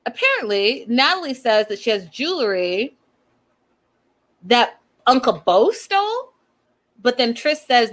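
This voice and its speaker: A woman with a slightly high voice recaps a reality show in casual chat. She talks in a gossipy, animated way, jumping into the cast's lines as she retells each scene. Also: unhurried, pauses often.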